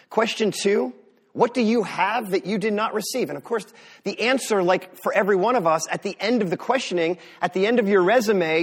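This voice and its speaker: A man's voice: sits high, breathy edge. A man from the US Northeast preaching a sermon as pastor, talking in a conversational way with sarcastic asides.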